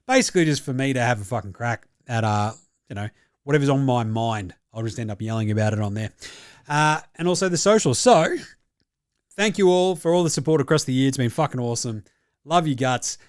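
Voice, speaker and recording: A man's voice: medium pitch, expressive, fairly quick, smooth, no echo, clean studio sound. A man with an Australian accent, hosting a sports podcast and signing off in a casual, matey chat with a fair bit of swearing. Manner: swearing, laid-back and matey. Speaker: podcast host.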